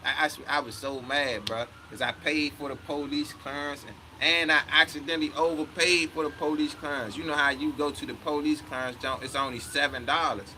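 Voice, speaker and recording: A man's voice: fairly high pitch, steady tone, fairly quick, few pauses, sharp tone, a little hiss or hum, rough recording. A man in his thirties telling a story in a heated, profane way, often quoting himself. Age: 30s. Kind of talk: casual storytelling rant.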